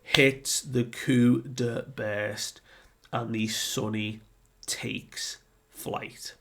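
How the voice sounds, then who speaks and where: A laid-back man talks through a comic chapter slowly and deliberately, his voice carrying a gravelly, creaky texture. He laughs often and slips into playful acted-out scenes while keeping a relaxed, conversational flow. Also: medium pitch. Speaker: comic review host. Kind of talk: casual comic book review.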